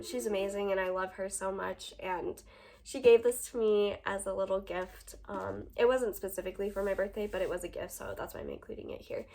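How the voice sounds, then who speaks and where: A woman's voice: medium pitch, slight background noise. A young woman, a teacher, chatting casually about her book haul in a gushing, chatty way with lots of ums and likes, at home under a ring light.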